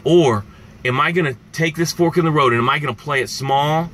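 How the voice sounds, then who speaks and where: A man speaking as a success coach, with a bright, forceful tone and a slightly high voice. He talks with passion and speaks straight to his viewers, driving his points home again and again. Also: brisk. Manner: impassioned, repetitive, addresses viewers directly. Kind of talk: motivational live-stream talk.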